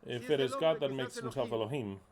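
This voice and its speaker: A man delivering a sermon with a medium-pitched voice. He talks emphatically and bluntly. He repeats his key words and swears now and then. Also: a little fast, a crowd in the background. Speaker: preacher.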